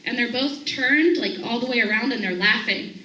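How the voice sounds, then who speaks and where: She speaks in a high, bright voice, animated as she tells a personal story to a group. She acts out each person's lines as she goes. The sound is roomy, picked up from across an echoey room. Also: normal speed, distant mic, slight background noise. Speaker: staff member sharing a morning thought.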